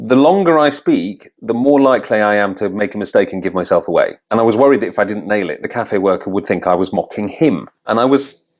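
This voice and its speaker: A man's voice: fairly low pitch, fast, few pauses. An English man who works as an accent coach, narrating a vlog in a thoughtful, candid way with self-deprecating humour.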